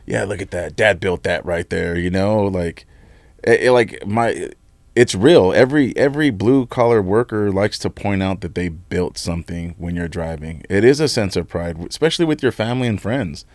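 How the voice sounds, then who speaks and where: With a fairly low pitch and normal speed, this Nevada union leader in middle age speaks bluntly and energetically as a podcast guest. The casual interview has no echo, and he tends to say things more than once.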